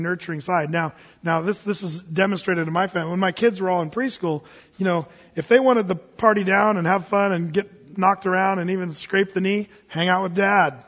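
Middle-aged male pastor, high and husky, folksy sermon delivery, dull reverberant hall recording. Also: a bit bright. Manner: conversational, folksy preaching with chuckles.

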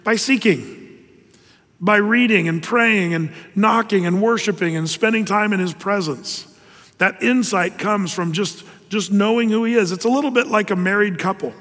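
A man preaching a sermon in an earnest, conversational way, with pauses and restarts. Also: sits high, a bit bright, big-room sound. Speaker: pastor.

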